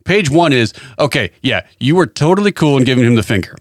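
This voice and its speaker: A man's voice: medium pitch, animated, fast talker, no echo. A man co-hosting a comedy podcast, joking around and acting out silly bits, recorded on a studio mic. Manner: jokey, acts out silly voices in his riffs. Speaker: podcast co-host. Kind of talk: casual comedic chat.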